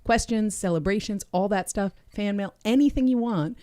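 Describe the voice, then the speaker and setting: A woman's voice: mid-range voice, normal speed, dry recording. A woman co-hosting a casual podcast, telling stories chattily and reading out viewer comments. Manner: chatty, storytelling, animated. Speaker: co-host.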